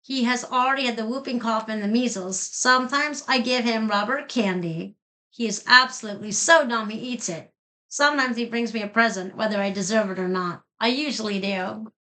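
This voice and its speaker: A bright, lively woman reads a children's storybook aloud, playful and full of expression. Her voice sits a little high and has a sharp, clear edge. She sounds young and keeps a light, giggly tone as she reads. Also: moderate pace. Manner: animated, playful, giggling between pages. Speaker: children's book reader.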